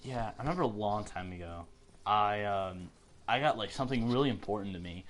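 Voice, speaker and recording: Low-voiced teen guy telling stories. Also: a little fast, a little hiss or hum. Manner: storytelling, acts out quoted voices, laughs often. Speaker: podcast host. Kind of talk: casual chat.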